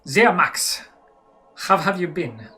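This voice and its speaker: A man's voice: a little high, animated, slow pace, bright, forceful tone, faint music behind, full character voice. A man putting on a stiff German doctor. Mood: mock-formal. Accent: mock German, drifting toward French. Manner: theatrical, mock-formal letter reading. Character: formal German male head doctor, weary.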